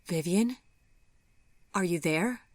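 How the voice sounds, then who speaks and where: A woman voicing a young man who speaks gently and hesitantly, apologizing. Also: on the low side, takes it slowly, no echo. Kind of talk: audiobook character voice.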